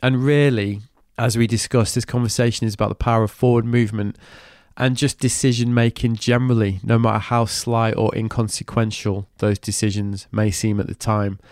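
This podcast host hails from Manchester, England, and has a cold that makes him sound nasal. He's enthusiastic and cheeky, swearing casually as a scripted intro gives way to casual interview chat. His slightly mellow, lowish voice barely moves in pitch and runs a little fast with few pauses, captured in studio quality with no room sound.

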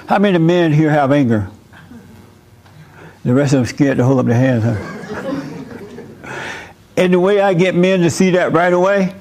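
A man delivers a sermon in a somewhat high voice, with a blunt, emphatic preaching manner. He addresses a gathered audience directly, as a show host used to speaking at length. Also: mellow. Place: room with a live audience.

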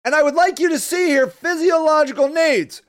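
A woman hosting a solo podcast, ranting angrily and full of profanity, with bursts of shouting. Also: sits high, normal speed. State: angry. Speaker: podcast host.

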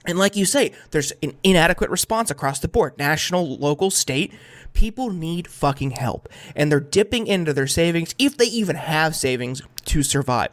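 A man's voice: a little high, dry recording. A man co-hosting a podcast in casual talk, heated and swearing, with many filler words. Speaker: podcast co-host.

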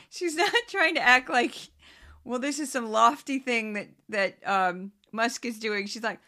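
A woman with a Southern-Midwestern accent from St. Louis hosts a podcast of casual news-clip commentary. She speaks unhurriedly in a fairly high, bright, forceful voice, staying candid and chatty with frequent laughter and self-aware asides.

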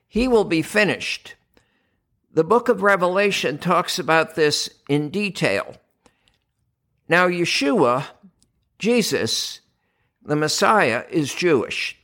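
An older American man delivers a scripted religious podcast talk with slow, deliberate emphasis. His fairly high voice swings widely in pitch as he presses each point home. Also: lively intonation, fairly bright tone. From United States. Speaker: podcast host, doctor.

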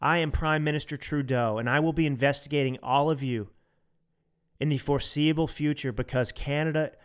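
A man impersonating a smug male politician who speaks in a flat, falsely soothing, measured way. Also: a little high, clear, resonant tone, natural voice. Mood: mock-calm. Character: smug fake-calm male politician, slow and passionless.

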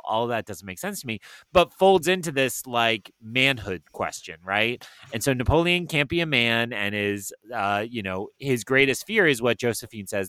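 A man's voice: on the low side, sharp tone, clear, resonant tone, no echo. A middle-aged man, a podcast co-host reviewing a film, talking in a wry, sarcastic, chatty way with many fillers. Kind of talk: casual chat.

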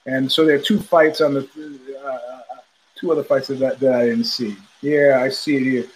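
A man's voice: mid-range voice, steady tone, normal speed, slightly rough. An older man hosting a casual talk show, rambling through stories and acting out the voices of people he quotes. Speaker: podcast host. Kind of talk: casual storytelling chat.

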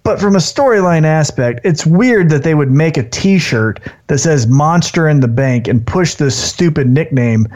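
A man co-hosting a casual wrestling podcast, talking in an animated way and briefly acting out wrestlers in put-on voices. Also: fairly high pitch, normal speed, hardly any pauses. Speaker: podcast co-host. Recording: dull lo-fi sound.

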